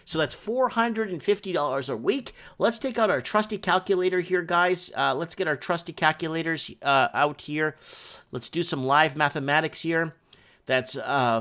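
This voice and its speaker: A man's voice: on the high side, normal speed, sharp tone. A man hosts a housing market talk show. He reads news items aloud, adds rambling commentary, and works out sums as he goes.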